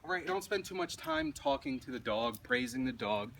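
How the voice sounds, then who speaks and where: A man's voice: medium pitch, wildly swooping pitch, moderate pace, creaky, a bit bright. A man working as a dog trainer, giving a matter-of-fact, instructive demonstration outdoors while walking a dog. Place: outdoors on a street walk. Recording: distant outdoor camera audio, traffic noise. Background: passing vehicles and street ambience.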